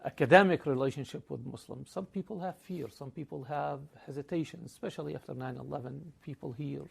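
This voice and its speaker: A man conducts an interview in a measured, deliberate way. His voice is gravelly with a husky edge and sits a little high. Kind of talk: interview questions.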